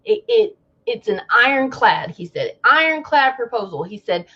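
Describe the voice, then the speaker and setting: A woman travel advisor giving a casual monologue, telling the story with animation, acting out quotes and using dramatic pauses. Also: on the high side, huge pitch swings, sharp tone, breathy edge, dull audio.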